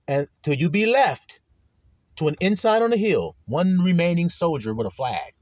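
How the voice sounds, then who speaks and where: A man preaching a sermon, reading scripture slowly and stretching the words, then explaining it in blunt, profane street talk. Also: a little high, very animated, darkish tone, no room sound.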